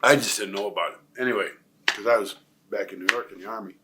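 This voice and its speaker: An older Nebraska man, a former pro wrestler, rambles through lengthy career stories as an interview guest, restarting often and leaning on fillers. He talks fast in a fairly low voice, with background noise audible.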